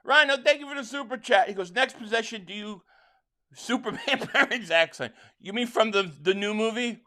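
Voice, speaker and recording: A man from Philadelphia hosting a live football watch-along, excitably calling plays and reading viewer chats, stammering on restarts. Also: sits high, normal speed. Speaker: livestream host and fan.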